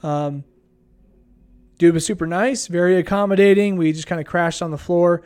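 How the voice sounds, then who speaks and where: A man's voice: high-pitched, moderate pace, a little mellow, smooth. A young man casually telling a travel story in a laid-back, rambling way with lots of fillers. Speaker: vlogger.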